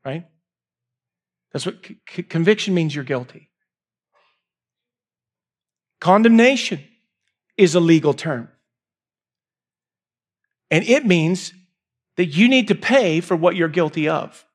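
Male pastor, high voice, emphatic sermon delivery with repeated points. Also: lively intonation, unhurried, pauses often. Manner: emphatic, repeats key lines, swings from raised to hushed.

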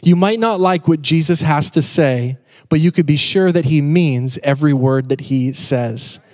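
A man's voice: a little high, normal speed, darkish tone, long reverb tail. A man preaching a sermon to his congregation, casual and joking, repeating key points for emphasis. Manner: conversational, joking asides, emphatic repetition. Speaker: pastor. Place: church sanctuary.

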